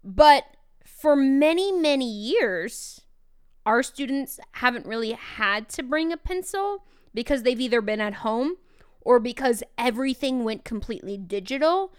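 A woman teacher hosting her own podcast, talking in a casual, loud and energetic way, candid and animated. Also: on the high side, unhurried, clean tone. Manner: animated and candid, acts out quoted exchanges. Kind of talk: casual solo podcast talk.

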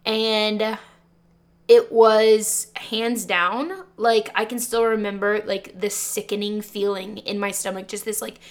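A woman's voice: mid-range voice, little pitch movement, slow. A woman teacher hosts her own podcast and speaks straight from the heart. She tells a personal story in a sincere, conversational way, letting her emotion show and filling gaps with a casual "like.". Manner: earnest, heartfelt, openly emotional; conversational with frequent "like" fillers.

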